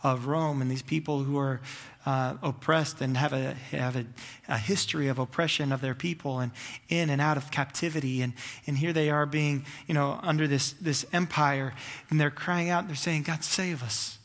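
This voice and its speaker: A man's voice: a little high, fairly even intonation, normal speed, a bit bright, big-room sound. A man preaching a sermon, telling a story in long, building runs of clauses with fervent delivery. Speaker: pastor.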